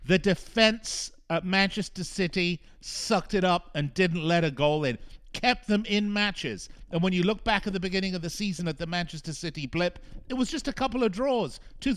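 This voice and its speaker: A male soccer radio host giving a frustrated, emphatic talk monologue, repeating phrases for punch. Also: high voice. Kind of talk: opinionated sports talk monologue.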